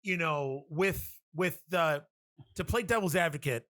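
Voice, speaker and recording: A man co-hosting a podcast, chatting casually and profanely, animated as he retells scenes and throws in quick impressions. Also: on the high side, dry recording, clean studio sound. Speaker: podcast co-host.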